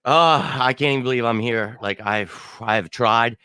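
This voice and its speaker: A man's voice: medium pitch, measured pace, pushed and bright, clear, resonant tone, no room sound. A man hosting a sports fan show, ranting after a bad loss, still shaken and irate, stumbling and restarting often. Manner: angry, exasperated rant with frequent restarts. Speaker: podcast host. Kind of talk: postgame fan reaction talk.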